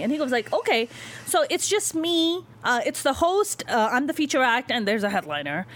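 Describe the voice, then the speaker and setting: A woman comedian tells a story with a voice that swoops and leaps all over her range, pitched a little high. She talks bluntly and swears freely, animated the whole way through. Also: fairly quick. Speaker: stand-up comedian, guest. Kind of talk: casual storytelling in an interview.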